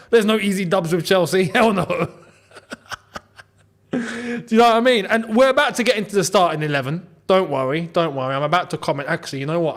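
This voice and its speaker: A young man hosting a live football watchalong, chatty and quick to laugh as he talks to his viewers. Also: high-pitched, fairly bright tone. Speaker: football channel host.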